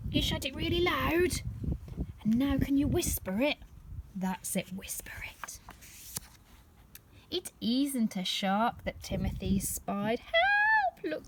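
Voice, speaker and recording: A woman nursery teacher reading a picture book aloud to young children, animated and expressive, pausing to ask them questions. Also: sits high, a little hiss or hum.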